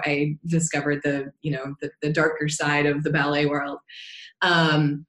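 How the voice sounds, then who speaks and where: A cheerful woman chats casually as a podcast guest, often breaking into laughter and pausing with ums. Her voice sits a little low. The room around her is noticeably echoey. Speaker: podcast guest, dance teacher. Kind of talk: casual interview chat. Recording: roomy echo.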